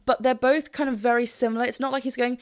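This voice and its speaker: A woman's voice: fairly high pitch, fairly even intonation, fast. A woman with a British accent, a vocal coach chatting enthusiastically while analysing a singer and sometimes singing a phrase. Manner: enthusiastic and chatty, often sings short phrases to demonstrate. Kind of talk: reaction video with vocal analysis. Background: faint music from the video being reacted to.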